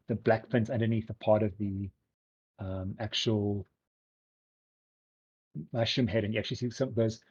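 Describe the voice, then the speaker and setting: A man with a low, husky voice narrates a tabletop game as game master, rambling through his descriptions with frequent ums and likes. The recording sounds dull and lo-fi. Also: warm tone.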